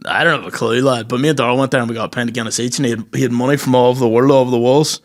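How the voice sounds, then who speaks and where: Young male co-host, casual jokey banter, mid pitch. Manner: joking, quick banter with slang. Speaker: podcast co-host. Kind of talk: casual chat.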